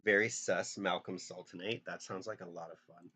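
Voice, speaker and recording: A man's voice: sits low, steady tone, moderate pace, bright, forceful tone, husky. A man casually chatting with viewers while drawing on a live stream, joking and thinking aloud in a self-deprecating way.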